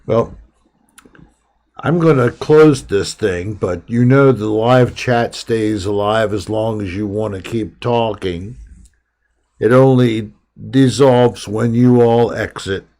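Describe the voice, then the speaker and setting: A man's voice: on the low side, takes it slowly, a little mellow. A man hosting a live stream, chatting casually and rambling from topic to topic with his viewers.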